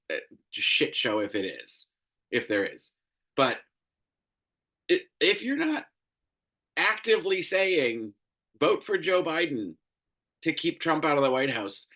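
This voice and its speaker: A man's voice: medium pitch, bright, forceful tone. A man hosting a solo commentary show, ranting in a profane, exasperated way, tired and crabby. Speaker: show host.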